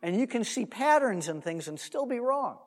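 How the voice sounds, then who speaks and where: A man's voice: very high-pitched, moderate pace. A man giving a Bible teaching sermon, telling the story with animation and conversational asides, careful not to sound dogmatic. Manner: animated storytelling, acts out quotes. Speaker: Messianic teacher. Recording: long hall reverb.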